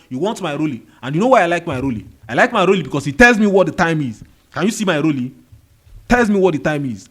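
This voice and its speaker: A man's voice: a little high, fairly bright tone. A man with a Nigerian accent giving a motivational monologue, firing rhetorical questions and repeating key phrases. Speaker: motivational video host. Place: indoor room with a fan running.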